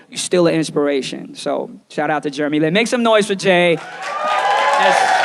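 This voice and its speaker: A man doing live stand-up comedy for a small audience, playful and animated, often slipping into quoted voices. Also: a little high, normal speed, a faint crowd.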